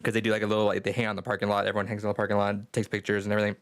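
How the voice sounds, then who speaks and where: Young male teacher, lower pitch, casual and profane, rambling chat. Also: monotone, racing. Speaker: high school English teacher.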